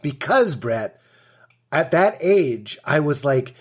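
A man's voice: a little high, slow pace, husky. A man, a comedian guest on a podcast, chatting casually and telling stories with lots of acted-out quotes and laughter. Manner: animated storytelling, acts out quotes, laughs often.

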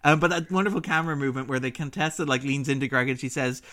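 A man's voice: medium pitch, racing, pushed and bright. A man discussing a television drama in a casual, enthusiastic podcast chat, laughing often and quoting characters. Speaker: podcast critic.

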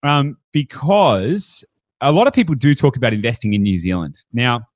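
A man hosts a podcast in a casual, upbeat way, talking with plenty of fillers and restarts. His voice sits in an ordinary middle pitch. The recording is dry and close, with no room sound. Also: animated, normal speed, no room sound. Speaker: podcast host.

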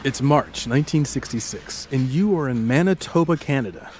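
A man hosting a podcast, telling a true-crime story to his co-host in a playful, dramatic way, slowing down for scene-setting. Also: mid-range voice, expressive, darkish tone, slight background noise.

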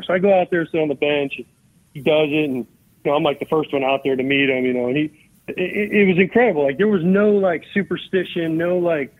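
Guy in his 40s on a phone-quality line, a bit high voice, telling old stories and doing both sides of the talk. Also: fast. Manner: animated, acts out both sides of remembered dialogue. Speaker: guest, former baseball catcher. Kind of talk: storytelling in a podcast interview. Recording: phone-like narrow-band line.

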